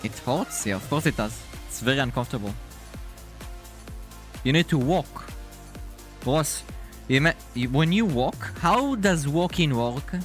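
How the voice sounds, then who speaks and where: A male VTuber streamer chatting casually with his viewers, animated, laughing often and swearing freely. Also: fairly high pitch. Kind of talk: casual live-stream chat.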